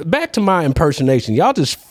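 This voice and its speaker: A man's voice: on the high side, very animated, fast. A man who is a comedian, co-hosting a casual chat, who teases and laughs easily. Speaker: comedian podcast co-host.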